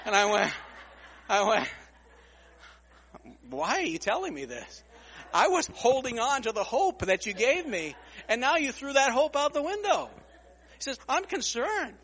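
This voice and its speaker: Animated high-voiced male preacher. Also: unhurried, long pauses, in a large hall. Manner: animated, repeats words, acts out other people's lines. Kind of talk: storytelling sermon.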